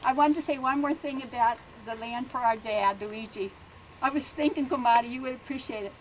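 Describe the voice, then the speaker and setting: Older woman telling warm family stories. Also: on the high side, a little fast, a little hiss or hum, rough recording. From Bellevue, Pennsylvania. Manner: chatty, laughing, adds "huh?" often. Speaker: family speaker at a land dedication. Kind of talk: ceremony speech, storytelling. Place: outdoors at a garden ceremony.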